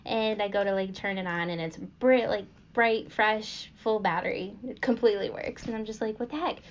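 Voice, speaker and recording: A woman's voice: medium pitch, steady tone, moderate pace. A young woman hosting a podcast, telling a story casually with lots of fillers and little laughs. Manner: rambling with frequent fillers and giggles. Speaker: podcast host. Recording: dull lo-fi recording.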